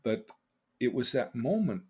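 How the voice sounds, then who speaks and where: Older male host, husky voice, earnest storyteller, mid pitch. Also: sing-song, measured pace. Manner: earnest and emotional, voice swinging between loud and hushed. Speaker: podcast host. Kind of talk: personal storytelling.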